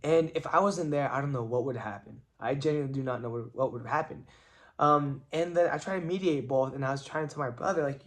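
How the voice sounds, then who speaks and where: A man's voice: mid-range voice, fast talker. A young man vlogging, telling a family story in an earnest, reflective way and filling his talk with "like". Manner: chatty, many "like" fillers, earnest and reflective. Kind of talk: casual storytelling vlog.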